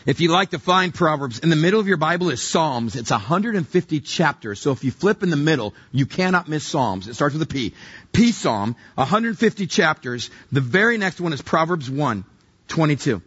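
Husky-voiced man preaching a sermon. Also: fairly high pitch, sing-song, normal speed, fairly bright tone, muffled recording. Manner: conversational, humorous, acts out little scenes. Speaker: pastor.

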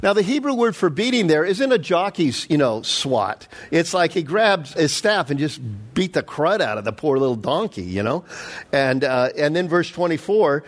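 A middle-aged male pastor preaching a sermon, animated and storytelling, acting out the quotes. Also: a little high, moderate pace.

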